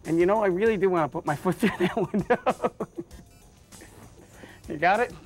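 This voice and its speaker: A man who is a stand-up comedian, rambling through deadpan jokes with lots of stammers and restarts. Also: high voice, normal speed, faint music behind. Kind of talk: joking interview monologue.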